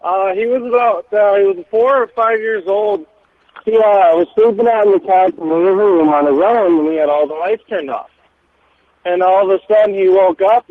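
A man's voice: high voice, dry recording. Male caller on a phone line. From Washington state. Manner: plain-spoken, hesitant with fillers. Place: tractor cab.

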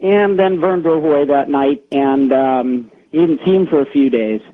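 A man's voice: fairly high pitch, moderate pace. A man calling in to a radio show, telling a secondhand eerie story in a rambling way with lots of fillers. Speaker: caller. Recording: tinny phone line on radio.

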